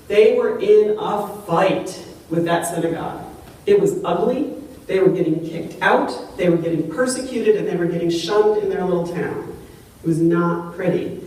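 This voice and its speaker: A woman's voice: medium pitch, darkish tone. A woman pastor preaches in an earnest, conversational way. Her voice comes from a distance, and it rings through a very echoey sanctuary. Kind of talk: sermon. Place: large church sanctuary.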